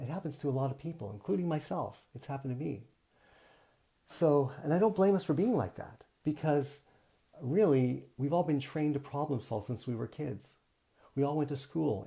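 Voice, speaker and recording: A man with a gravelly, mellow voice gives a live motivational talk. He speaks earnestly and plainly, circling back over his points like a coach guiding listeners. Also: mid-range voice. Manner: earnest, repetitive, teacherly. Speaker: self-help coach. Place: home, streaming live online.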